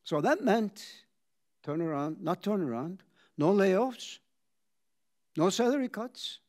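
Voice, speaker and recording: An older man with a slightly higher voice recounts how he founded his company. He pauses for effect and acts out the conversations he remembers. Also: lively intonation, darkish tone. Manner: dramatic pauses, acts out quoted dialogue. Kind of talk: reflective storytelling talk.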